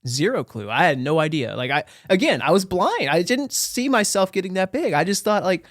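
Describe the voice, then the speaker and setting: A man's voice: high voice, animated, brisk, dry recording, studio quality. Candid, joking man from Pennsylvania. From small town in Pennsylvania. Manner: candid, joking, self-deprecating storyteller. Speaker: podcast guest. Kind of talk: casual storytelling interview.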